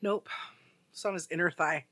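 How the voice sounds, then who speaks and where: Casual podcast co-host, male, high and bright, rambling storyteller. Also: steady tone, moderate pace, no room sound. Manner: rambling storyteller, heavy use of "like". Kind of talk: casual chat.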